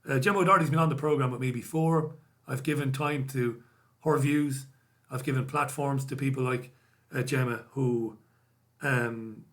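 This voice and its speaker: A man's voice: medium pitch, a bit bright. An Irish man hosting a live stream, chatting casually and wryly as he reads out viewer comments. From Ireland. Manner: casual, wry, self-deprecating banter. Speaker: host.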